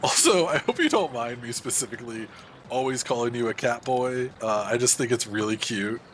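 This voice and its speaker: A man streams a game from his standing desk at home, reading the chat and chatting casually and animatedly with viewers as he plays. His medium-pitched voice is brisk, with slight background noise and faint music behind it.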